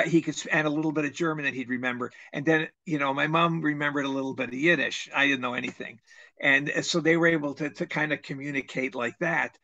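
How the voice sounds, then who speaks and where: Bright, rambling male storyteller. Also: on the high side, creaky, no room sound. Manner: rambling, restarts, animated when quoting. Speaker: trivia game player. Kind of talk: casual chat storytelling.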